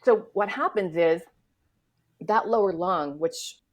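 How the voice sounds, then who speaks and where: Woman, breathwork facilitator, low voice, calm slow guidance, podcast guest. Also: lo-fi sound. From United States. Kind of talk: guiding breathing exercise and explaining.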